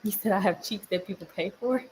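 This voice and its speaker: A young woman and mother chatting casually with viewers on a livestream, animated and laughing often, breaking off to tell her toddlers off. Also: mid-range voice, a little fast, a little hiss or hum. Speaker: mom vlogger on a livestream.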